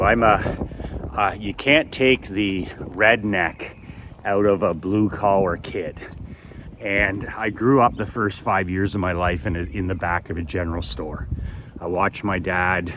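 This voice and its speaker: A middle-aged man from Canada with a very low voice rambles through a casual, folksy monologue, piling up repeated words for emphasis. He talks outdoors, with steady background noise and cars passing nearby. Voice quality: folksy, blue-collar manner with repetitive emphasis. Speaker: business author and speaker. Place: outdoors by a garage in a gated community.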